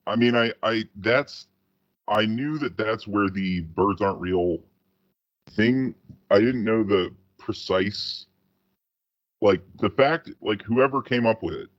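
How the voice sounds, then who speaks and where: A man's voice: fairly low pitch, takes it slowly, no room sound, highs cut off. A man co-hosting a casual podcast, telling a long rambling story full of profanity and restarts. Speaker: podcast co-host. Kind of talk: casual chat.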